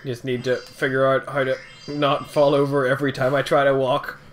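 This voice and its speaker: A young man bantering over a video game, teasing his friend with deadpan insults. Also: medium pitch, normal speed, slight background noise. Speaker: co-host commentating a let's play. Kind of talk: casual banter.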